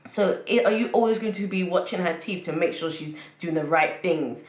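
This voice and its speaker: A woman's voice: fairly low pitch, normal speed. Opinionated woman reviewer in an echoey room. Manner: opinionated, repeats phrases for emphasis. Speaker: reality TV reviewer. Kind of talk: casual review commentary.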